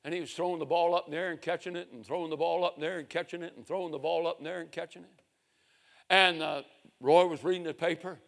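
A man preaching a sermon, telling a story in a slow, dramatic way. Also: fairly high pitch, fairly even intonation, creaky, fairly bright tone. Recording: reverberant hall.

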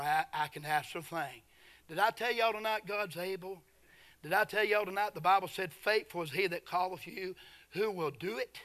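A middle-aged man preaches a fervent sermon. His voice sits high and rings sharp and bright. He swings between quiet, intimate storytelling and shouted praise. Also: normal speed. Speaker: pastor.

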